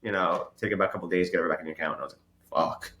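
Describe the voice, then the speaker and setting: A man telling stories in a casual podcast chat, animated, laughing and swearing often. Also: deep voice, racing, roomy sound. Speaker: podcast host.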